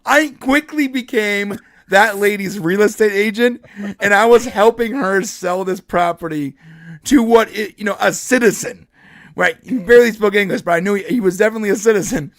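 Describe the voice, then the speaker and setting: A man with a fairly high voice recounts a story in a loose, rambling way, stumbling over restarts and breaking into laughs. The sound is dry and close, with no room around it. It is casual podcast chat among co-hosts. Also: a little fast, dry recording. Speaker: podcast co-host.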